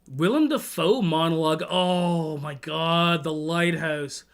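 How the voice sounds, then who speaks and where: Toronto guy rambling on his livestream, swears a lot, slightly high voice. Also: slow, clear, resonant tone. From Toronto, Canada. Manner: rambling, profane, self-interrupting. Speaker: livestream host. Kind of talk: casual chat.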